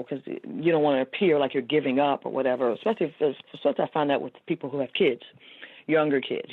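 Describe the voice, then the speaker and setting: A woman's voice: a bass voice, vocal fry, no room sound. An earnest woman speaks as a guest author, her talk loose and full of fillers. She comes through a narrow, tinny phone line with a dry sound. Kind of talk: casual interview talk.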